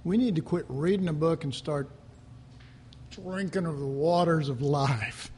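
A man preaching an informal sermon, chatting and joking between readings and rising to animated emphasis. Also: fairly high pitch, a little slow, long reverb tail, slight background noise.

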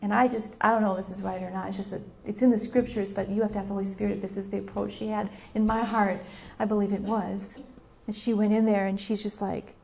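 A woman with a mid-range voice and vocal fry preaches an impassioned sermon, talking fast in a flat delivery that is a little mellow. She repeats her phrases and acts out scenes as she goes. The dull lo-fi recording carries a slight hiss or hum.

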